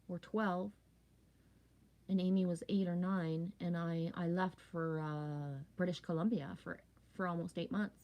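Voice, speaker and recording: A woman's voice: lowish voice, a little mellow. A woman from Canada in her forties, chatting casually with viewers in a rambling, talkative way, often asking "right?". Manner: rambling, talkative, frequent "right?" and "you know what I mean". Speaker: live stream host.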